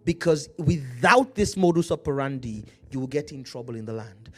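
A man with an African accent preaching a sermon, slowing down to read scripture aloud and calling out to his congregation. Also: medium pitch, lively intonation. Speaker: pastor.

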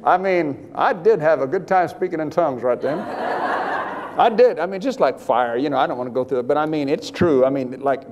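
An older man preaching, telling a personal story in a rambling, animated way with many restarts. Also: a little high, moderate pace, long reverb tail, background noise. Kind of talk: sermon testimony.

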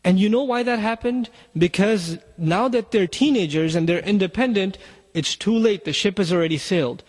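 A man's voice: high voice, long reverb tail. A man giving an urgent sermon to parents, exhorting them directly. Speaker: Muslim speaker.

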